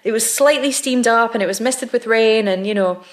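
A woman's voice: a little high, fairly quick. A woman actress, a podcast guest, telling candid stories in casual conversation with frequent restarts.

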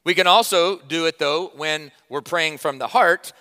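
Man, pastor preaching, high bright voice, emphatic then hushed, echoey church hall. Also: unhurried. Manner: emphatic, conversational preaching with sudden loud stresses and quiet drops. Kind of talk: sermon.

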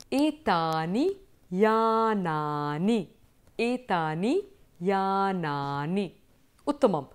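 A woman teaching a university lecture, drilling word forms and praising answers as she goes. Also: a little high. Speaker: Sanskrit teacher.

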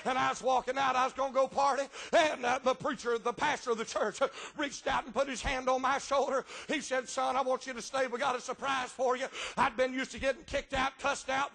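A middle-aged preacher man with a strikingly high, bright voice and a gravelly edge. He moves from plain, folksy storytelling into a chanting, shouted cadence, with a sharp "uh" between phrases. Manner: folksy storytelling with dialect grammar. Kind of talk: revival sermon.

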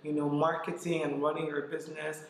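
A man's voice: on the high side, flat delivery, a little fast, vocal fry, a little hiss or hum. A young man from Nigeria, a vlogger, candidly retelling a stressful experience to camera with lots of reported speech. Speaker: vlogger and former caterer. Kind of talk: casual storytelling to camera. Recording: echoey room.

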